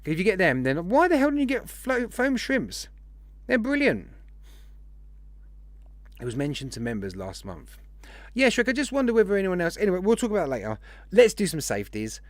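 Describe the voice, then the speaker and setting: A man's voice: high voice, sing-song, fast talker, no room sound. A man hosting a live stream, chatting casually and rambling as he greets viewers one by one.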